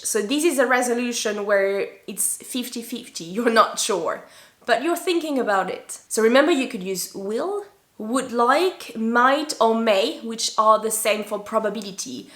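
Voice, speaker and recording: A native French-speaking woman from France gives an online English lesson in a fairly high voice. She repeats key words slowly and deliberately for her learners. The room adds a clear echo. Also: expressive, fairly bright tone. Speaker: English teacher.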